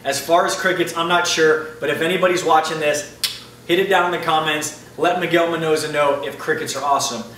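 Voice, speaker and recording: A friendly, loose-talking man chats through viewer questions in a casual vlog. His voice is bright and a touch high, and the room is echoey. He sits back from the mic, with a faint hum of room noise behind him. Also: fairly even intonation, a little fast, far from the mic. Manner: chatty, upbeat, loose and informal. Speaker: aquarium hobbyist answering viewer questions. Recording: roomy echo, mic set back, faint ambient noise.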